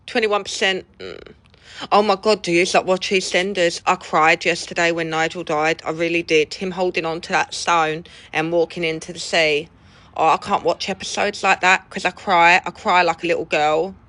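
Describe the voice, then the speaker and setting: A woman's voice: lowish voice, fairly bright tone, no echo. A woman chatting casually with viewers on a livestream. She laughs often and swears casually. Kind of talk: casual chat with live viewers.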